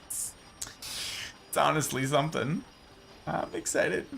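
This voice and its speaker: A man's voice: high-pitched, takes it slowly, vocal fry, pushed and bright. A young man streaming a game, chatting casually with playful, theatrical jokes. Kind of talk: casual gameplay commentary.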